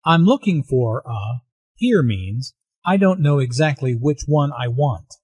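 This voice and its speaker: A man with a slightly husky, fairly high voice reads English usage notes in a plain, measured way. The sound is dry and close. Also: sing-song, a little mellow, no echo. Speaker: English teacher. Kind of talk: scripted dialogue and teaching narration.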